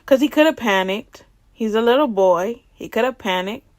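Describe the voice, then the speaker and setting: A woman telling a personal faith testimony in a lively way, laughing and acting out the dialogue as she goes. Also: fairly high pitch, moderate pace. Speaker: ministry speaker.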